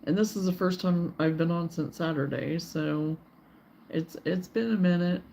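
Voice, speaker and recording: Brief: woman host, live crafting chat, sleepy and rambling, gravelly edge. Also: lowish voice, normal speed, warm tone, a little hiss or hum. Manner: rambling, chatty, reads viewer comments aloud. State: sleepy, yawning. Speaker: crochet livestream host. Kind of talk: casual livestream chat.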